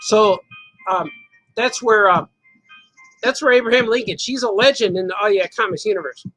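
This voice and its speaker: A high-pitched, slightly bright male voice at a moderate pace belongs to a host and cartoonist chatting casually on a livestream. He reads viewer comments, rambles through stories, laughs often between words and repeats words playfully for effect. The recording is dry and of poor quality, with soft background music.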